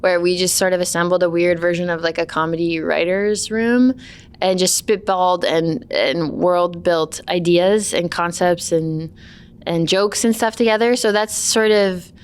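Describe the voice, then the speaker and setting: In a relaxed interview, a filmmaker who also played the lead rambles loosely, leaning on fillers. She has a clear, resonant voice, fairly low and steady in tone, and she speaks a little slowly.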